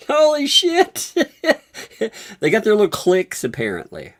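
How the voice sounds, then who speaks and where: A woman's voice: low voice, huge pitch swings, unhurried, long pauses. A woman hosting a live stream, giving casual, amused and mocking gossip commentary. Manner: amused, mocking, laughing often. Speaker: livestream host.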